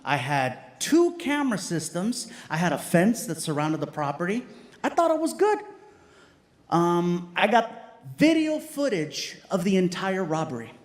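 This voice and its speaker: Male stand-up comic, high voice, animated and self-deprecating, live stage delivery. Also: measured pace, reverberant. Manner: animated, excitable, self-mocking. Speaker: stand-up comedian. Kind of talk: stand-up storytelling. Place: comedy stage before a live audience.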